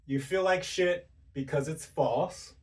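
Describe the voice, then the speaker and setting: A man's voice: fairly high pitch, recorded from a distance. Emphatic man firing rhetorical questions. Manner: rapid-fire rhetorical questions, direct and emphatic. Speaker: self-help speaker. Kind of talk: motivational monologue.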